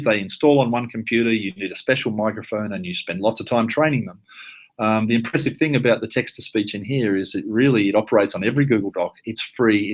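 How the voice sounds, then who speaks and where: Chatty Australian man demoing software. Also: on the low side. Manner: casual, chatty, lots of fillers and asides. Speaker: workshop presenter. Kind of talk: live online software tutorial. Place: at his computer, live webinar.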